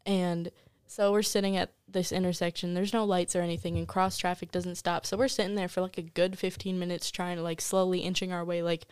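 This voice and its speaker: A woman's voice: lowish voice, level tone, a little fast, few pauses, a little mellow, smooth, no room sound, studio quality. A woman guest on a podcast, telling a rambling story full of "like" fillers in a casual chat. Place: host's home studio.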